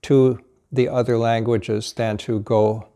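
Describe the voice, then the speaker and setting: A man's voice: medium pitch, level tone, slow, dark tone, clear, resonant tone. A man teaching pronunciation, modeling vowels and short words patiently, one at a time. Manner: patient and encouraging. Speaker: language teacher. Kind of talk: slow pronunciation drill lesson.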